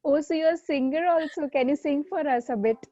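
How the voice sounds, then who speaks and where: A woman hosts a casual interview, her voice sitting a little high. She sounds eager and admiring and laughs often. The recording is dull and lo-fi, and the sound is dry. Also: fairly quick, dark tone, no room sound. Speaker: interview host.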